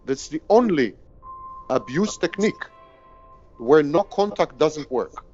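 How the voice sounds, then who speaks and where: Male expert voice, grave and emphatic, slightly high, dull lo-fi sound, soft music under. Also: animated, slow. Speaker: expert on narcissistic abuse. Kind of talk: explanatory commentary.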